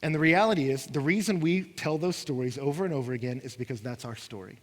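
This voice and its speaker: A man's voice: mid-range voice, fast talker. A man preaching a sermon, acting out what his listeners say, with rising and falling intensity. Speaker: pastor. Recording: long hall reverb.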